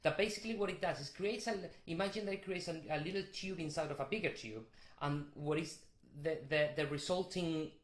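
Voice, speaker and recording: A man teaching a vocal warm-up, explaining technique with restarts and short sung demonstrations. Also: fairly high pitch, fairly quick, roomy sound. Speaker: vocal coach.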